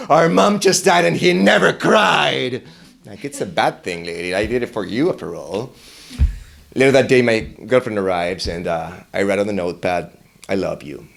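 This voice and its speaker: A young man telling a personal story, wry and self-mocking, jumping into high, excited voices when he quotes himself. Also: gravelly. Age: young adult.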